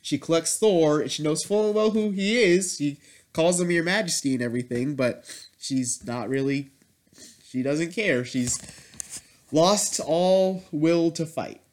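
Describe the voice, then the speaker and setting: A man giving a casual, rambling spoken review of a superhero movie, swinging between loud excited outbursts and quiet, muttered asides. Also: a little high, measured pace.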